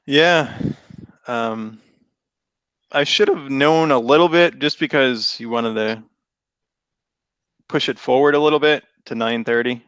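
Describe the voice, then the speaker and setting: Boston guy hosting a chill sports chat on a call, keeps laughing and restarting sentences, mid pitch. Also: a little slow, pauses often, a bit bright, clean tone, dry recording. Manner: easygoing, laughs often, rambling restarts. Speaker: podcast host. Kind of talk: casual chat.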